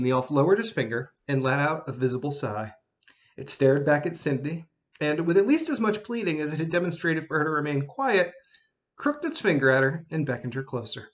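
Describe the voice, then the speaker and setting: Animated man reading a storybook. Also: fairly high pitch, dull audio. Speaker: narrator. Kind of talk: storybook narration.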